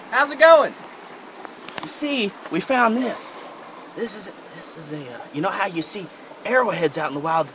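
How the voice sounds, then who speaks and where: Young man, mock nature guide, rambling fake-expert delivery, recorded outdoors on a noisy camera mic. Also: high-pitched. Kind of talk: goofy deadpan nature-show parody. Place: outdoors in woods and rocky creek bed. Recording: outdoor camera audio with noise.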